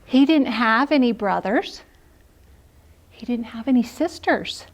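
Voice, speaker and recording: A high-voiced woman teacher with a lively, swooping delivery. She explains lessons plainly, then tells a story with big expression. She is an animated storyteller. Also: a little slow, long pauses. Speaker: music teacher. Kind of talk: instructional narration and storytelling to preschoolers.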